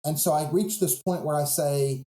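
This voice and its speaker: A pastor on a podcast, telling a Bible story in an earnest, reflective way. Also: male voice, fairly high pitch, fairly even intonation, normal speed, dark tone, reverberant, rough recording.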